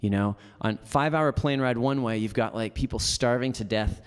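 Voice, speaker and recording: A man's voice: mid-range voice, normal speed, clear, resonant tone, big-room sound. A man giving a motivational keynote, telling stories casually with lots of "like" fillers. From Canada. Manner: lively storyteller, casual with many "like" fillers. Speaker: motivational speaker. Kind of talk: storytelling keynote talk. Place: large hall before an audience.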